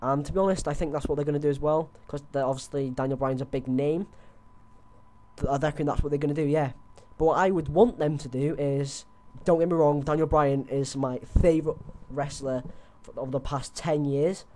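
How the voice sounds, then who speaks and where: A young man talks casually into a headset, rambling with frequent fillers and restarts. His voice sits somewhat high for a man. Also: steady tone, fairly quick, a little mellow. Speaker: host. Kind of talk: casual wrestling predictions chat.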